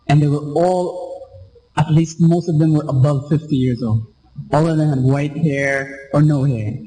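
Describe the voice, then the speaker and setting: A Filipino man preaches a sermon in a notably high voice. He tells his story earnestly and slows down to stress the points that matter. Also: a little mellow, poor audio. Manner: earnest storytelling, slowing down for emphasis. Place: church or radio broadcast.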